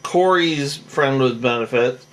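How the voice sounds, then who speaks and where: A man's voice: mid-range voice, slow pace, a bit bright. A tired man recapping a reality show in a rambling, casual monologue full of fillers and restarts.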